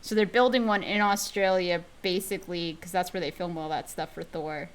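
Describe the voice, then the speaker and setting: A woman hosting a casual chat stream, animated and laughing often. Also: lowish voice, moderate pace. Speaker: host.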